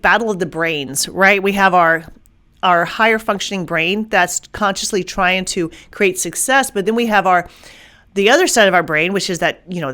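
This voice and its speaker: A woman's voice: lowish voice, sharp tone. A woman hosting a faith-based motivational podcast. She talks with emphatic energy, sometimes repeats words to stress a point, and acts out the inner voices she describes. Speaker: podcast host.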